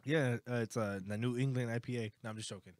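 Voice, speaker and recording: A man's voice: mid-range voice, steady tone, fast, a little mellow, dry recording. A man co-hosting a casual beer-tasting podcast, swearing freely and laughing easily as he chats. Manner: profane, laughing, easily flustered. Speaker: podcast co-host. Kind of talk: casual chat over beers.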